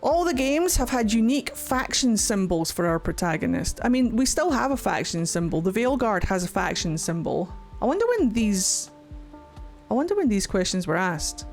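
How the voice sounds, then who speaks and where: A Scottish woman hosts a relaxed livestream in a mid-range voice, chatting loosely and swearing without a second thought. Faint music plays quietly underneath her talk. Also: mid-range voice, moderate pace. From Scotland. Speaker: streamer. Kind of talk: casual livestream commentary.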